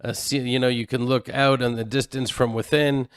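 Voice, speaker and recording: A man co-hosting a casual radio talk show from a home office built into a hillside, chatty and laughing easily, with quick bursts of speech. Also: medium pitch, level tone, clean tone.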